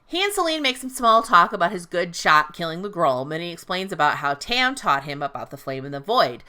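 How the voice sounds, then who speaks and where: A woman hosts a podcast, retelling a fantasy book in a loose, profane, joking way. Her voice sits a little low but moves a lot, with a bright, forceful edge. She slips into quick paraphrased lines for the characters. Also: big pitch swings. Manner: swearing, playful, paraphrases characters in quotes. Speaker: podcast host recapping a book. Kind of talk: casual recap storytelling.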